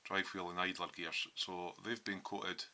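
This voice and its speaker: A man's voice: low-pitched, little pitch movement, unhurried, bright, forceful tone, slight background noise. A man in a home hobby workshop, casually walking through his model build with lots of ums as he explains his thinking.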